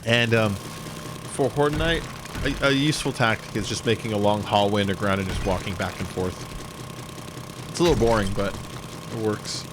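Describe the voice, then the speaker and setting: A man chats casually while playing a game, laughing as he retells comedy bits at a moderate pace with long pauses. Engine rumble makes the recording noisy.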